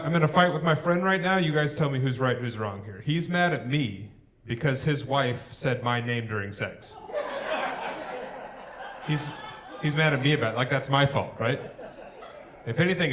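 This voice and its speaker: A man's voice: medium pitch, moderate pace, noisy background. Young male stand-up, dry one-liners, crowd work, handheld mic, audible laughter from the house. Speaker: stand-up comedian. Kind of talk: live stand-up set. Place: theatre stage before a live audience. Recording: live theatre with audience laughter. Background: crowd laughing and clapping.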